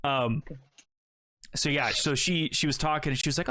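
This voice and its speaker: A man's voice: a little high, a little fast, pauses often. A man on a casual podcast, telling a story with lots of swearing and acting out both sides of the dialogue. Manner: animated, profane, acts out both sides of dialogue. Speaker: podcast co-host.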